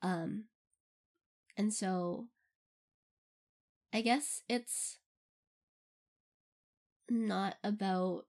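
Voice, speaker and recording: A young woman speaks extremely slowly with frequent pauses, her mid-range voice slightly mellow. She creates audio role-plays and is casually rambling through fan questions, giggling often and using many fillers.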